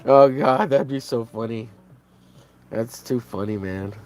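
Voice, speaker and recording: A man's voice: medium pitch, a little slow, soft background music. Rambling man chatting while he colors. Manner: rambling, many fillers, laughs at his own jokes. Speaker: comic artist streaming while coloring. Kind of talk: casual livestream chat.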